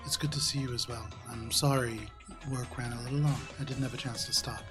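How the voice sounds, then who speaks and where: Man playing a calm woman nurse, soft, polite, measured, faint music behind. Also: medium pitch, close to an everyday voice. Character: composed woman nurse, tired after work.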